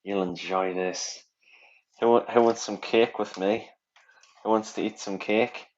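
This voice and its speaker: A man's voice: on the low side, steady tone, a little slow, darkish tone. A man hosting a casual livestream from his home kitchen, rambling and chatty and swearing freely. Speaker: livestream host. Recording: dull lo-fi stream audio, faint hiss.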